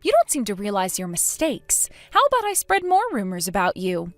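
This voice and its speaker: A woman's voice: mid-range voice, huge pitch swings, moderate pace, no room sound, faint music behind. A woman reading a texting story as the daughter-in-law, with a cold, accusing and sarcastic manner. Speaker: narrator voicing the daughter-in-law.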